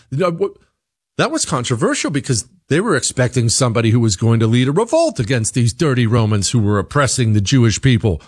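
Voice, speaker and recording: A middle-aged man delivering an opinion monologue as a commentator, animated and leaping up in pitch when he quotes others. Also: brisk, slightly rough, dry recording, studio quality. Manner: animated, jumps high in pitch for quoted voices.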